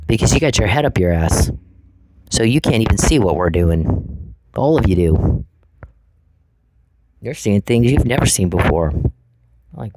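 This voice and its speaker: Man, lowish register, for a furious confrontational vlog rant full of taunts. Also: a little mellow, a little hiss or hum, poor audio. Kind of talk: angry ranting monologue.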